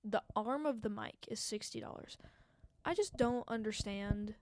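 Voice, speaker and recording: A woman's voice: medium pitch, a little slow, a little mellow, no echo. Rambling young woman podcaster, dry close mic. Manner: rambling, self-mocking, filler-heavy. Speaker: podcast host. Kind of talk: casual solo podcast chat. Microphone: handheld mic.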